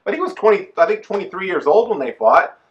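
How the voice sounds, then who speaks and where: A man co-hosting a casual boxing chat show, giving emphatic, animated opinions. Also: high-pitched, fast, dull audio. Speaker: co-host. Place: Texas.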